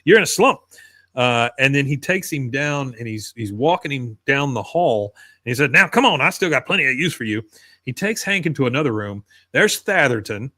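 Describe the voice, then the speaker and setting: A man's voice: mid-range voice, expressive, sharp tone. A man co-hosting a podcast, casually retelling a cartoon episode scene by scene. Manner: retells scenes, putting on quick voices for quoted characters. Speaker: podcast co-host recapping episodes.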